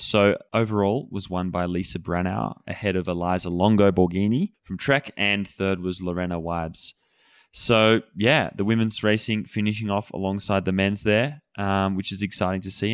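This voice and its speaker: A man co-hosting a podcast, running through race results in a measured, methodical way. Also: deep voice, smooth, dry recording, studio quality. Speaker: podcast co-host. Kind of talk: podcast news rundown.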